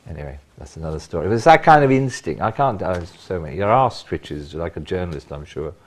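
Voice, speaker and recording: An older man, a retired police officer, telling animated stories in an interview with bursts of emphasis. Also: low-pitched, brisk. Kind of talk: anecdotal interview.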